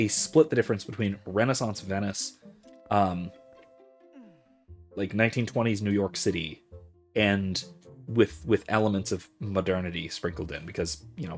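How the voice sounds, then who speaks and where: A man hosting a let's play, giving casual, rambling commentary full of ums and restarts as he digresses. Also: fairly low pitch.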